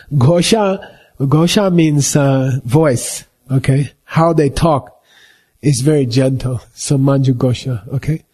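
A middle-aged man teaching a meditation class, explaining with simple everyday examples and often checking in with a quick "okay?". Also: a little high, dark tone. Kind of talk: slow explanatory teaching talk.

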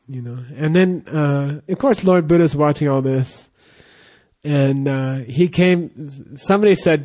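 A male Buddhist monk telling a teaching story in a loose, rambling way, full of fillers and restarts. His voice sits a bit high for a man, and he chats more than he preaches. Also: dark tone. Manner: rambling, halting, with fillers and laughs.

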